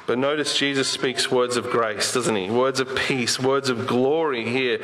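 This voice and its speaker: A man preaching a sermon in a relaxed, conversational way, with a voice of middle pitch. He keeps asking his listeners questions, and he slows down and lifts his voice for quoted verses. A faint hiss sits under the recording. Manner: conversational, asks the congregation rhetorical questions; slows down and lifts his voice when quoting Jesus.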